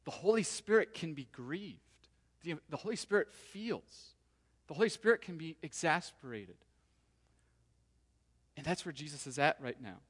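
A man preaching a sermon to his congregation in a relaxed, conversational way, sometimes voicing the people in the story. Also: on the high side, normal speed, long pauses. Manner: conversational, acts out quoted voices. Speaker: pastor. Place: church sanctuary. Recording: long hall reverb.

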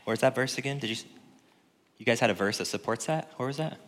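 A man preaching as a pastor, conversational and joking, swinging from loud to hushed. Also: mid-range voice, quick pace, noisy background. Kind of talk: sermon. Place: church sanctuary. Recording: long reverb in a church hall.

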